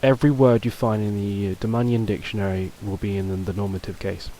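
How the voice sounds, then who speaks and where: A man's voice: lowish voice, fairly even intonation, fast, dark tone, a little hiss or hum, rough recording. A man teaching a casual video lesson, talking loosely with fillers and restarts. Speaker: language teacher.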